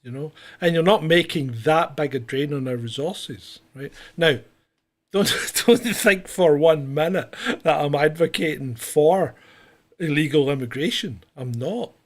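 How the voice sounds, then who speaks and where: Male co-host, opinionated and argumentative, slightly high voice. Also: unhurried. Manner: opinionated, ranting, questioning. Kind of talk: comedic news chat.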